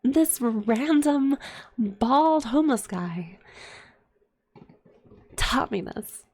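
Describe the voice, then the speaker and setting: A woman's voice: sits high, expressive, drawn-out words, a little mellow. A young adult woman telling a candid, profane personal story in whispered ASMR chat, full of fillers. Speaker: streamer.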